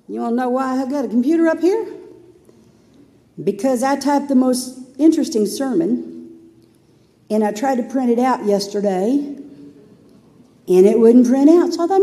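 Chatty woman pastor, dark warm voice. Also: a little high, animated, moderate pace. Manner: chatty, playful storytelling. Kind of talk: sermon. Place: church sanctuary. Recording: long hall reverb.

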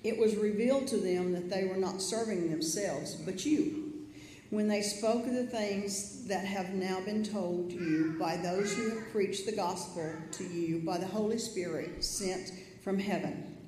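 A reader giving a measured, formal scripture reading aloud in a church. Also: medium pitch, a little mellow. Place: church sanctuary. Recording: roomy church echo, faint background noise.

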